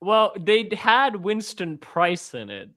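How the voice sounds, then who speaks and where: Casual geek chat guy, slightly high voice, rambly, keeps laughing. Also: takes it slowly. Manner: animated, rambling, laughs often. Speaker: podcast co-host.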